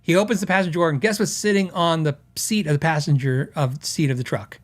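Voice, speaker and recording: A man's voice: on the high side, steady tone, quick pace. A middle-aged man hosting a podcast, telling long stories in a rambling way and acting out the people in them. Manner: rambling with restarts, acts out quoted customers. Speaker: podcast host. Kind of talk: casual storytelling.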